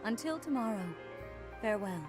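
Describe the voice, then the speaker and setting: An actress playing a serene woman archbishop who speaks slowly, formally and solemnly. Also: a little high, lively intonation, music in the background, close to an everyday voice. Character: serene, commanding woman church leader.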